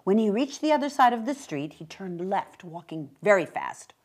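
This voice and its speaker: A woman reading a short story aloud with expressive, brisk narration. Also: medium pitch. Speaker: reader.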